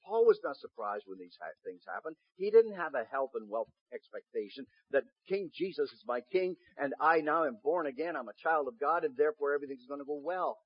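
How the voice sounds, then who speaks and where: A man preaching a sermon, reading scripture slowly and building to loud, emphatic passages, sometimes having the congregation repeat phrases after him. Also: fairly high pitch, expressive, breathy edge, no room sound, lo-fi sound. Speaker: pastor.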